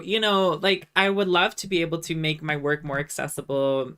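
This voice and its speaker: A young woman streamer from the West Coast of North America, chatting casually with her viewers in a soft voice full of "um" pauses. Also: deep voice, fairly even intonation, clean tone. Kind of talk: casual livestream chat. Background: faint background music.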